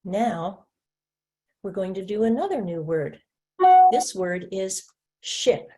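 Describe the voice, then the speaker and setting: Speaking slowly in a medium-pitched, expressive voice with a dark tone, a woman demonstrates for teachers in an instructional webinar. She patiently stretches and taps out individual speech sounds, switching between teacher and student and occasionally answering as her own learner.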